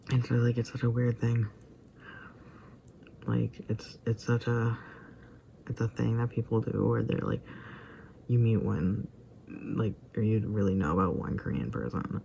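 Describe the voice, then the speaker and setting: A man's voice: fairly low pitch, gravelly, darkish tone, slight background noise. A man giving casual, rambling commentary on a video he watched, with lots of fillers and asides that drop almost to a whisper. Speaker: vlogger reacting to a video.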